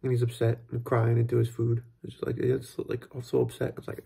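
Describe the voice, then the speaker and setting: A man's voice: mid-range voice, monotone, fairly quick, gravelly, mellow, slightly rough. A man, a father, talking through parenting lessons in a casual, rambling, reflective monologue. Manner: rambling, thoughtful, full of fillers and restarts. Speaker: father sharing parenting tips.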